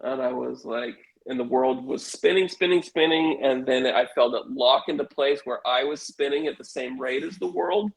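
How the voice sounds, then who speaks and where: A middle-aged man telling a wild personal story in casual conversation, animated and acting out the voices of the people in it. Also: mid-range voice, moderate pace, vocal fry, hardly any pauses, poor audio. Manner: animated, swearing, acts out quoted voices. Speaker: guest telling a life story.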